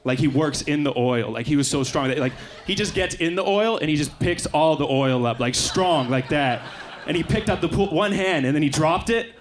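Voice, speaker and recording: Young man doing deadpan stand-up. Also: fairly high pitch. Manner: deadpan, quick asides. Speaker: stand-up comedian. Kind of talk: stand-up set. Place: comedy club stage. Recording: live club recording with faint crowd noise. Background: faint audience laughter.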